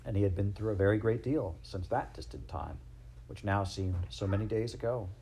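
A man narrating a classic storybook aloud in a gentle, measured, expressive way. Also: lowish voice, vocal fry, slight background noise, poor audio.

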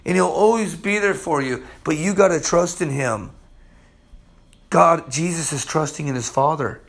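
Man, pastor, sermon, high voice, emphatic, loud calls and low murmurs. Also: moderate pace, vocal fry. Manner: streetwise, calls listeners "man".

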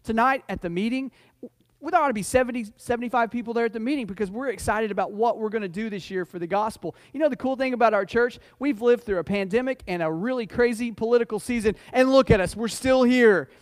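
A male pastor, preaching in church in a folksy, joking way. His voice sits high, and he often restarts and repeats his words before building to an emphatic point. The sound is close and dry, with no room echo. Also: quick pace. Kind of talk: conversational sermon with storytelling. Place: church sanctuary.

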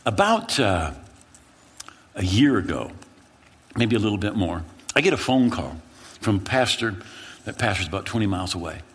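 A man preaching from the pulpit in a bright, forceful voice with a husky grain. His pitch swings widely as he tells a story dramatically and repeats phrases for emphasis. It sounds like a lively storytelling sermon. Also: moderate pace, long pauses. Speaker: pastor.

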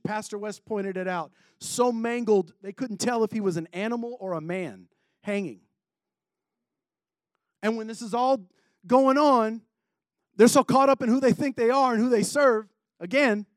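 A man's voice: sits high, no echo. A man preaching a sermon in a casual way, with joking asides.

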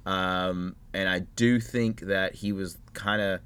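A man's voice: low voice, steady tone, slow, fairly bright tone, clear, resonant tone. A man co-hosting a casual chat, easygoing and rambling, with lots of hedges. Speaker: podcast co-host.

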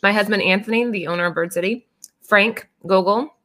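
A woman's voice: mid-range voice, a little fast, fairly bright tone. A woman hosting a casual comic book podcast, upbeat and moving the show along. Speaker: podcast host. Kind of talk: casual chat about comic books.

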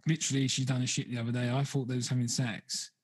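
A man's voice: mid-range voice, level tone, fast, husky. A man, hosting a casual chat, gossiping and swearing. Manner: gossipy, sweary, acts out quoted people. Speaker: podcast host.

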